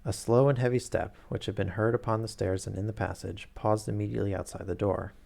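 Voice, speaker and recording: Gravelly man reading a story aloud. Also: lowish voice, fairly even intonation, fairly quick, a little mellow. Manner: stumbles and corrects himself, adds asides. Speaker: streamer reading a book aloud. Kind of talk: casual read-aloud narration.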